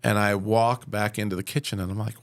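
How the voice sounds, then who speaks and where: Low-voiced storyteller man in his fifties. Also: brisk. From upstate New York. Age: 50s. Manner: animated storyteller who acts out quotes. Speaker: guest. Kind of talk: personal storytelling.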